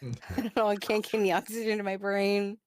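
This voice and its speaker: A woman's voice: mid-range voice, level tone, fast, dry recording, studio quality. A woman co-hosting a podcast in casual chat, teasing the others and often breaking into laughter. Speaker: podcast co-host.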